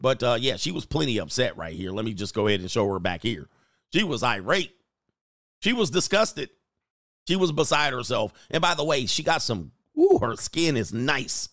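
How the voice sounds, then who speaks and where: A man's voice: medium pitch, very animated, normal speed, fairly bright tone, no room sound. Brief: male commentary host, crude and blunt, dry close mic. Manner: blunt and crude, riffs off clips. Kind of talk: casual reaction commentary.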